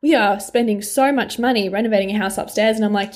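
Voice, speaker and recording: A woman's voice: medium pitch, steady tone, fairly quick. A young woman, a life coach talking candidly and frankly in a personal vlog, swearing freely and laughing often.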